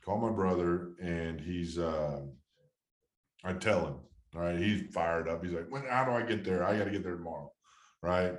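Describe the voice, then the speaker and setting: A man's voice: low voice, moderate pace, reverberant. A man in his thirties, a former ballplayer, telling a story from his career in a rambling, heartfelt way with many restarts. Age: 30s. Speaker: former baseball player, guest. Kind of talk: casual storytelling interview.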